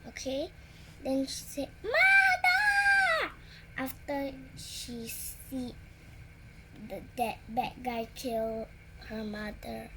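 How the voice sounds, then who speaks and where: A six-year-old girl reading her own picture book aloud, slow and halting, pointing at the pictures as she goes. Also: fairly high pitch, steady tone, shouting, background noise. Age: 6 years old. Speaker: child storyteller.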